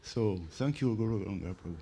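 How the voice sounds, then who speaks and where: A man's voice: lowish voice, a little fast, warm tone. A man with a French accent moderating a gathering, speaking English loosely with many fillers. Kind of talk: hosting a live gathering. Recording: noisy live event recording.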